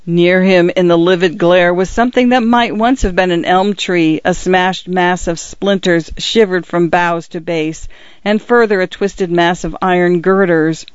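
A man narrating a story with measured, expressive delivery. His voice sits high for a man and sounds smooth and resonant. The recording is dry and slightly dull. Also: no echo. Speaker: audiobook narrator.

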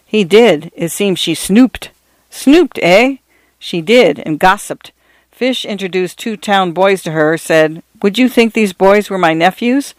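A man's voice: high voice, expressive, measured pace, no room sound, voice pushed up. Man doing a genial, gossipy old priest. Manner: gentle and chatty.

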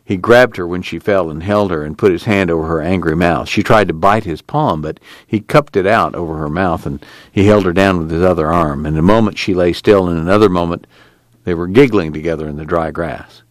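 A man narrating a novel in a measured, expressive storytelling manner. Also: low-pitched, no room sound. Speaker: audiobook narrator.

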